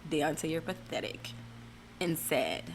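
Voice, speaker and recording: A woman's voice: low-pitched, a little slow, a little hiss or hum. A woman giving casual, blunt and profane reality TV recap commentary, rambling with fillers and restarts.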